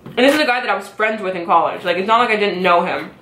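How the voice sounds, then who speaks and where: Young woman vlogger, exasperated chatty rant over food, mid pitch, roomy echo. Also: fast, sharp tone. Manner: chatty, exasperated, lots of "like" fillers; talking while eating and chewing. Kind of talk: casual mukbang rant. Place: home, at a dining table. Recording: echoey room.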